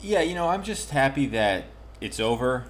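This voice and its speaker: A man hosting a podcast in casual chat, joking in a dry, deadpan way. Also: medium pitch, normal speed. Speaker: podcast host.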